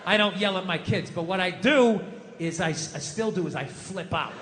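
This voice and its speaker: On stage, a middle-aged man rants at normal speed in a high-pitched voice, loud, exasperated and swearing through his comedy set. The background is noisy, and laughter from the audience echoes in a live hall with long reverb.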